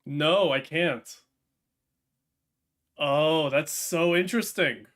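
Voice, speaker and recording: A man's voice: on the high side, slow, fairly bright tone. A man chatting casually on a live stream, hesitant with frequent ums and restarts.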